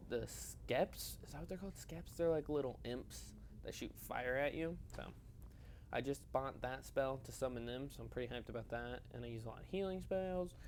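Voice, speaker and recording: A man doing a casual, rambling voiceover over his own gameplay, chatting and poking fun at his own choices. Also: mid-range voice. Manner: rambling, self-mocking, chatty. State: yawning, tired. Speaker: gaming channel host.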